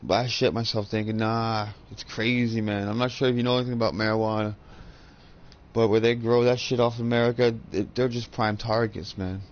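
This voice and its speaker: A man's voice: on the low side, level tone, brisk, muffled recording. A man in his thirties chatting casually while gaming, a profane, rambling storyteller on a headset. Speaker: gaming channel host.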